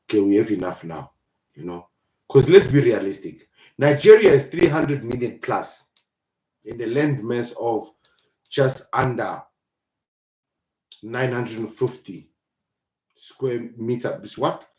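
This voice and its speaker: A man hosting a casual live podcast, talking in an animated, mocking and joking way. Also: mid-range voice, slow pace, pauses often. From South Africa. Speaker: podcast host. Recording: roomy echo.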